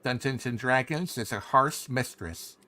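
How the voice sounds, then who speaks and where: A male game designer guest chatting loosely and excitedly over a video call, with many fillers. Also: mid-range voice, measured pace. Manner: loose and animated, heavy on fillers. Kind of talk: casual chat. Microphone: video call mic.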